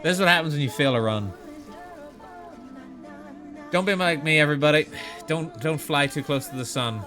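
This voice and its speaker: A man's voice: on the high side, moderate pace, pauses often, pushed and bright, faint music behind. A man streaming a video game live, chatting sarcastically and mocking himself with dramatic outbursts. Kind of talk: live gaming commentary.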